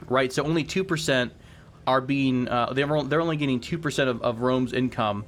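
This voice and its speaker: Man, let's play host, rambling think-aloud commentary, mid pitch, desk mic at home with faint air conditioner hum. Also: a little fast. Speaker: gaming channel host. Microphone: sensitive desk microphone.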